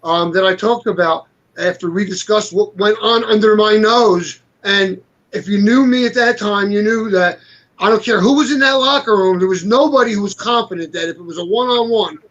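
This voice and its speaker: A man's voice: high voice, moderate pace, fairly bright tone. A man co-hosting an interview, talking earnestly. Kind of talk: casual interview. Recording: dull lo-fi audio.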